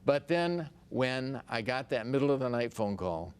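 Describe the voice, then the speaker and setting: An older man with a mid-range voice speaks as a guest on a studio talk show. He talks in a measured, reflective way as he recalls family moments. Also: mid-range voice, very animated, clean tone.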